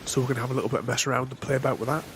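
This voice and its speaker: A man's voice: medium pitch, very fast. A man giving casual, rambling gameplay commentary as a channel host, often restarting his sentences and chuckling to himself. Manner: rambling, self-interrupting, chuckling. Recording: voice over steady game noise.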